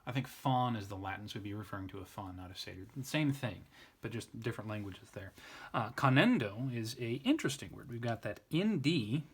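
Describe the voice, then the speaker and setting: A man's voice: fairly low pitch, animated, fairly quick, husky. A man giving an informal Latin grammar lesson, thinking aloud, often restarting and correcting himself. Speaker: Latin tutor.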